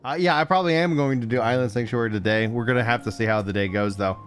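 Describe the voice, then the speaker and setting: A man's voice: medium pitch, fast talker, a bit bright, soft background music. A young adult man chatting casually on a livestream, rambling with fillers and restarts.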